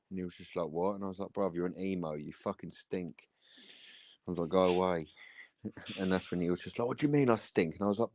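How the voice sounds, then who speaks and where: A man's voice: lowish voice, a little mellow, no echo. A man on a football panel, telling a rambling story in casual chat and swearing often. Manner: swears a lot, rambling retelling.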